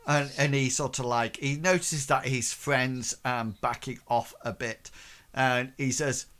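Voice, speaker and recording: A man's voice: mid-range voice, steady tone, a little slow, fairly bright tone. A man narrating a tabletop game as game master, hesitant and full of fillers.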